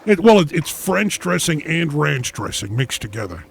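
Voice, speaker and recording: A man hosting a comedy call-in show, speaking in a deadpan, pompous, lecturing way. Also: a little high, normal speed. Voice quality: gravelly, raspy.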